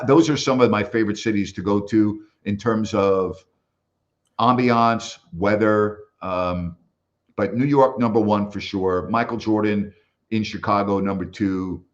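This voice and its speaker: Speaking a little slowly in a lowish voice, a former basketball broadcaster, now older, shares stories in a casual interview and performs the voices of those he quotes. The sound is lo-fi.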